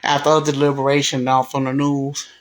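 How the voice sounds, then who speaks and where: A woman casually telling a personal story to camera, animated and blunt, cussing freely and jumping into the voices of the people she quotes. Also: very deep voice, a little fast. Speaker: vlogger.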